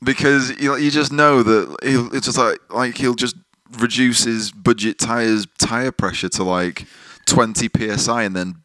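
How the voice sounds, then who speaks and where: A man's voice: mid-range voice, steady tone, moderate pace, a bit bright, no room sound. A man, hosting a casual, sweary chat and laughing often.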